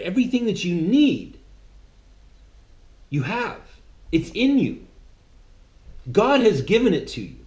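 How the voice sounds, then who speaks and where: A man gives a sermon-style monologue in a mocking, conversational tone. His voice sits a little high and swings widely in pitch. A roomy echo hangs on his words. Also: darkish tone.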